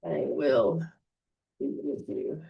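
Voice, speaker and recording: A woman's voice: sits low, slow, creaky, slightly rough, far from the mic, muffled recording. A woman hosting a casual livestream as a psychic reader, talking in a chatty, rambling way. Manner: chatty, rambling, warm storytelling.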